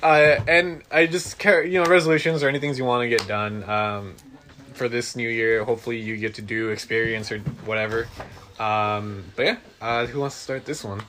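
A man co-hosting an easygoing podcast. He speaks hesitantly and thinks out loud, with frequent pauses, filler sounds and restarts as he reflects. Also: medium pitch, steady tone, slight background noise. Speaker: podcast co-host. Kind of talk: casual chat.

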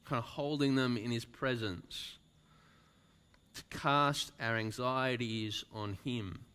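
A man preaching at a slow, deliberate pace, reading a story aloud to his congregation. His voice is bright and crisp, and he lets lines fall almost to a whisper for emphasis. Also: mid-range voice, steady tone. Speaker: pastor. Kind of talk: sermon with a read-aloud story.

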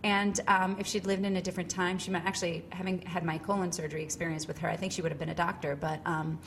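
Speaking quickly in a level tone, this low-voiced woman is a musical theater actress appearing as a guest in a relaxed interview. She's middle-aged, from Cambridge, Massachusetts, with a Boston accent, and talks animatedly with lots of fillers and restarts over a little hiss or hum.

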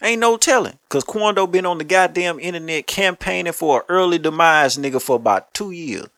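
This man speaks a bit high and a bit fast, recorded cleanly in a studio with no echo. As host of a commentary show, he launches into blunt, curse-filled rants in street language and spins lively, high-energy stories.

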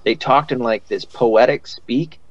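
A man's voice: medium pitch, a little slow, lo-fi sound. A man hosting a podcast in casual chat, rambling with lots of fillers and swearing freely. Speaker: podcast host.

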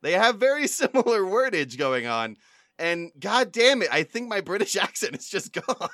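A man co-hosting a casual comedy podcast, animated and quick to swear when he is frustrated. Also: high voice, no echo, clean studio sound.

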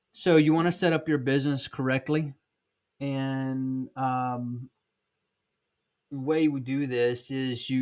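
A man in his thirties from South Georgia with a Southern accent, giving blunt, folksy advice in a casual podcast monologue. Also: mid-range voice. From South Georgia, USA. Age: 30s. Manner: blunt, folksy, emphatic, with many ums and restarts. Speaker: podcast host and sales trainer.

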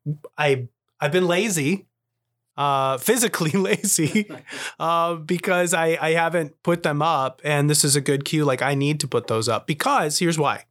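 A man's voice: fairly high pitch, moderate pace, a bit bright. Chatty man hosting a parenting podcast. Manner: chatty, self-deprecating, acts out quotes. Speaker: podcast host. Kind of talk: casual conversation.

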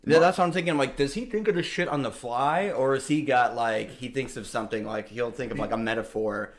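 A man hosting a podcast in loose, casual chat. He rambles and swears freely, with filler words strung between his thoughts, at an ordinary mid pitch. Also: brisk. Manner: rambling, profane, many fillers. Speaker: podcast host.

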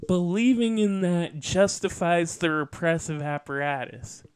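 A man's voice: high voice, expressive, slow, darkish tone, clean tone, no echo. A man hosting a podcast, delivering an opinionated, lecturing political monologue with a sardonic edge. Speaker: podcast host.

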